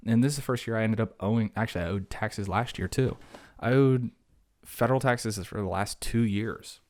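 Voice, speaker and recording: A man's voice: lowish voice, moderate pace, darkish tone. A man hosting his own podcast, rambling in a casual, jokey way and talking himself down from rants. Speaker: podcast host. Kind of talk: casual solo podcast monologue.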